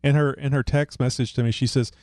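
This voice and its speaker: A man's voice: medium pitch, fairly even intonation, fast talker, darkish tone, no echo, studio quality. A man co-hosting a podcast in casual chat, joking and rambling while he fiddles with his setup. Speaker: podcast co-host.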